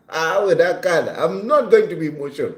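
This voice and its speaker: A man's voice: fairly high pitch, reverberant. A man in his fifties hosting a live stream, talking in an earnest, reflective way and often repeating his phrases. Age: 50s. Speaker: livestream host.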